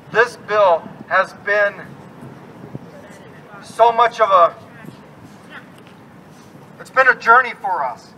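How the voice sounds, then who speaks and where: A man's voice: high voice, bright, forceful tone, distant mic, a little hiss or hum, rough recording. A man, a state legislator, giving an earnest, emphatic rally speech outdoors while upset and frazzled.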